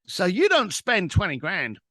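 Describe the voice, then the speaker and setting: A man's voice: sits high, huge pitch swings, measured pace, sharp tone, no room sound, studio quality. A man, a guest telling an anecdote in an interview. He acts out both sides of a phone call. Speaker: guest, author. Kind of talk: storytelling interview.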